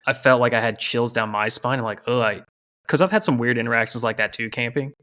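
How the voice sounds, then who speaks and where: Bright-voiced, enthusiastic male podcast host. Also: medium pitch, fast. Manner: enthusiastic, with many "like"s and repeated words. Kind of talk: casual interview.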